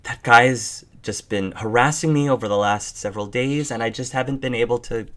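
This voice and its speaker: Man doing a flustered high-voiced bat woman. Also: brisk, fairly bright tone, lightly acted. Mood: relieved. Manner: flustered, stammering, apologetic. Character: nervous young female bat woman.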